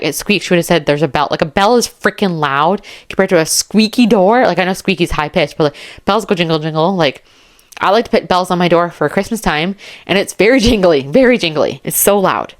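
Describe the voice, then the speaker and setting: Chatty woman with a low voice. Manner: chatty, excitable, laughs often, reads texts aloud. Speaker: true crime YouTuber. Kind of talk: casual true crime commentary.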